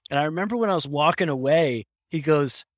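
A man being interviewed as a company founder, telling stories in a lively way and acting out voices in his anecdotes. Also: fairly high pitch, brisk, no echo. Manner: animated storyteller, acts out voices in anecdotes, laughs often. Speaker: founder and guest. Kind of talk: conversational interview storytelling.

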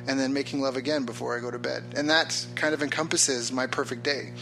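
A man's voice: mid-range voice, steady tone, fairly quick, creaky, over music, low-quality recording. A man being interviewed as an entrepreneur, talking casually and enthusiastically, rambling with many fillers. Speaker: entrepreneur guest.

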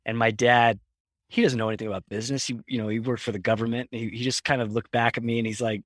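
A man being interviewed as a company founder, telling stories in a lively way and acting out voices in his anecdotes. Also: medium pitch, fast talker, no room sound. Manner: animated storyteller, acts out voices in anecdotes, laughs often. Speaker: founder and guest. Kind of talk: conversational interview storytelling.

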